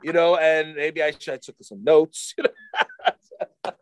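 A middle-aged man co-hosting a casual chat, rambling and halting with many restarts. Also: a little high, steady tone, a little hiss or hum. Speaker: podcast co-host.

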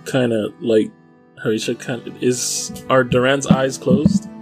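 A man's voice: medium pitch, steady tone, a little slow, faint music behind, low-quality recording. A man playing a tabletop game, talking casually and hesitantly. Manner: hesitant, many fillers. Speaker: player.

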